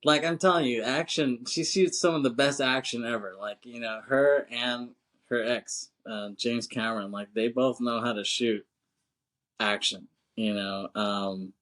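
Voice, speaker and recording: A man's voice: medium pitch, a bit bright. A man co-hosting a podcast, casually retelling a film scene with swearing, laughter and acted-out lines. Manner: rambling, profane, laughing often, acts out film lines. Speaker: podcast co-host.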